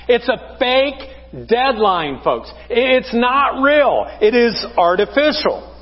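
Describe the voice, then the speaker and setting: A man's voice: very high voice, sing-song, slow, in a large hall, highs cut off. A man preaching a conversational sermon as pastor, asking the congregation rhetorical questions. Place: church sanctuary.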